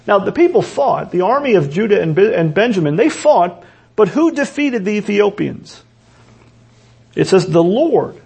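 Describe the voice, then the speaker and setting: A man with a high voice that has a gravelly edge preaches a sermon. His tone is husky rather than clean. He asks rhetorical questions and often stumbles back over his words as he restarts a thought. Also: animated, normal speed, a little mellow.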